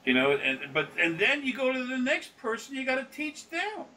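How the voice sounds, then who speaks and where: A man's voice: very high-pitched, huge pitch swings, moderate pace, sharp tone, distant mic, rough recording. A man talking as a spiritual consultant in a casual, rambling, folksy way, often acting out voices in his stories.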